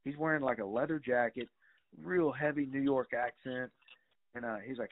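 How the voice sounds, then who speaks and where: Over slight background noise and tinny, phone-like audio, a middle-aged man with a medium-pitched voice tells casual stories as a guest at a normal pace. His rambling is packed with fillers and occasional swearing.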